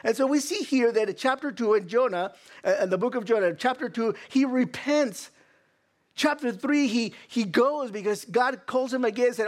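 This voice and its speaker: A high-voiced male preacher delivers an animated sermon at a moderate pace. He stammers and restarts often, and keeps throwing rhetorical questions at his listeners.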